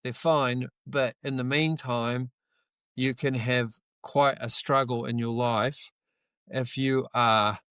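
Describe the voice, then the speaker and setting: A man's voice: medium pitch, fairly even intonation, takes it slowly, fairly bright tone, clear, resonant tone, dry recording. A middle-aged man from New Zealand with a New Zealand accent, giving an earnest, reflective motivational talk on a live stream, with the odd casual swear. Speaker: livestream host.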